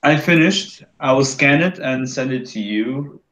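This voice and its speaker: A man's voice: mid-range voice, animated, measured pace, a bit bright. A man joining a live stream as a guest artist, speaking casually over a call.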